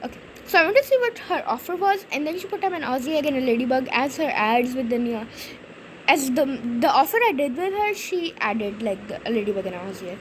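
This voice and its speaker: A woman's voice: high voice, lively intonation, fast, a little hiss or hum, rough recording. A young woman hosting a gaming channel, rambling through a story with lots of fillers as she plays. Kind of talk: casual gameplay commentary.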